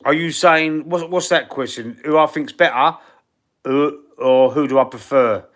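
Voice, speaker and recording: A man from East London with a Cockney accent and husky, wheezy breathing, hosting a casual live-stream Q&A in a blunt, slangy way. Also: a little high, a little slow, fairly bright tone. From East London, England. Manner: blunt, slangy and chatty, calling viewers bro and mate. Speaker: fan channel live streamer.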